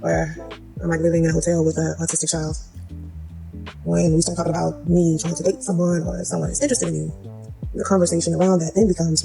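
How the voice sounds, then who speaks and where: A woman's voice: sits low, level tone, quick pace, creaky, music in the background, rough recording. A woman in her forties talking earnestly to camera, explaining herself in a long monologue. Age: 40s. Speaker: social media poster.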